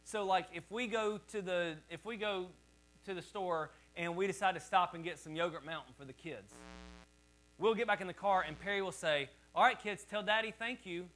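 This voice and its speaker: A man's voice: sits high, normal speed, a bit bright. A male pastor preaching a sermon in a conversational, joking way, calling on the congregation to repeat words back to him.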